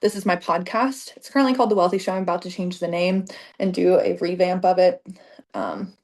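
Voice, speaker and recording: Chatty woman coach with a gravelly edge. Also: fairly low pitch, brisk, a little mellow. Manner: chatty, filler-heavy, emotional and gushing. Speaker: business coach. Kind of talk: casual direct-to-camera talk.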